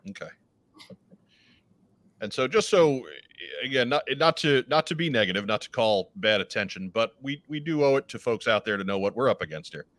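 A man hosting a live talk show, steering the talk with relaxed, dry joking. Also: mid-range voice, normal speed, dry recording. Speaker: host.

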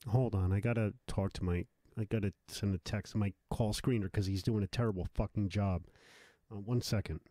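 A man's voice: on the low side, fairly even intonation, a little fast, dark tone, no echo. A man hosting an improvised comedy web show, profane and hot-tempered, berating his callers. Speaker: host.

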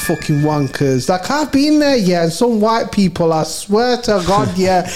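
A man hosting a podcast, talking in loud, sweary, animated rants. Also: high voice, a little slow, few pauses, soft background music. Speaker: podcast host. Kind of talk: casual podcast banter.

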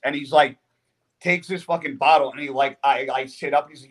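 A man, a bodybuilder guest on a podcast, telling a story in a casual, profane, animated way. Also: a little high, a little fast.

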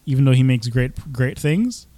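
A man joking and teasing through a casual movie podcast, his voice mid-pitched. The sound is close and dry, with no room around it. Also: animated, moderate pace, warm tone, no room sound. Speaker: podcast co-host. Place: basement.

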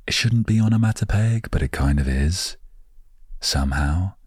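An Englishman hosting a relaxed storytelling podcast, rambling playfully with jokey asides into a close microphone. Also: rumbling low, normal speed, slightly rough, no room sound. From England. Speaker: podcast host.

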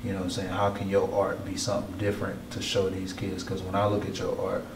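A man hosting a podcast, his voice very low and strikingly flat in pitch, with rambling questions full of "like" and "right." He sits away from the mic in an echoey gallery, and steady background noise runs beneath him. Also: fast talker, far from the mic. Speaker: podcast host. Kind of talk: casual interview. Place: art gallery.

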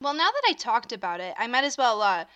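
Very animated and quick, her high-side voice sounds a bit bright, clear, and resonant, though the audio itself is dull. She's a young solo podcast host rambling casually with the hiccups, full of fillers and self-interruptions.

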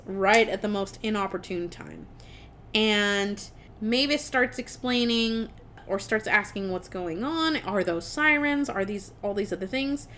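A young woman with a slightly high voice, chatting casually on a podcast. She recaps a film plot in an animated way, swearing freely and laughing along the way. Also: a little hiss or hum. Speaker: podcast co-host reviewing a film. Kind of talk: casual chat.

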